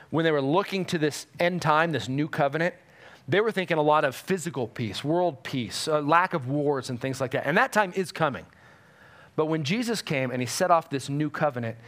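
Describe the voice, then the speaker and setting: A man preaching a sermon in an easy, conversational way, and he bursts into lively acted-out quotes as he tells stories. His voice sits somewhat high for a man. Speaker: pastor.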